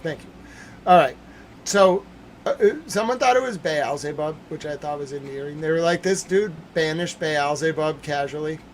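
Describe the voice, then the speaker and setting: A man hosting a livestream news commentary, hoarse from yelling, ranting loudly and repetitively, swinging between shouts and mutters. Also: a little high, moderate pace, a little hiss or hum.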